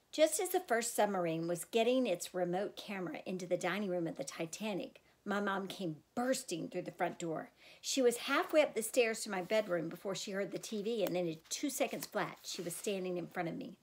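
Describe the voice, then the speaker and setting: Woman narrating an audiobook expressively. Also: medium pitch. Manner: expressive, girlish first-person telling. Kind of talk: first-person audiobook narration.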